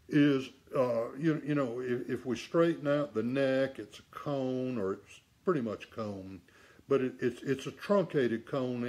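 A man's voice: mid-range voice, darkish tone. A middle-aged man teaching saxophone repair in a casual demonstration, blunt and emphatic, with rhetorical asides.

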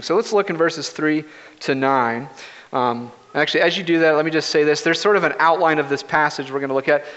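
A man preaching a conversational sermon as pastor, telling stories in a relaxed, anecdotal way, recorded in a church sanctuary. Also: on the high side. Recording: reverberant, dull lo-fi livestream audio.

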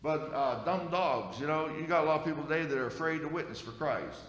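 A man's voice: fairly high pitch, fairly quick, fairly bright tone. A male pastor preaching a sermon in a folksy, conversational way, dropping in frequent amens. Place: church sanctuary. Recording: echoey church hall.

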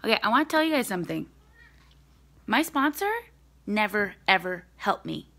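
A woman's voice: medium pitch, very animated, normal speed, bright, forceful tone. A young woman leading a sales team, talking live to her team from home in a blunt, direct, motivating way.

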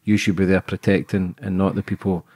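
A man's voice: low-pitched, little pitch movement, fairly quick, a little mellow, breathy edge. A man hosting a podcast, asking probing, earnest questions in a chatty way. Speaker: podcast host. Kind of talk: interview conversation.

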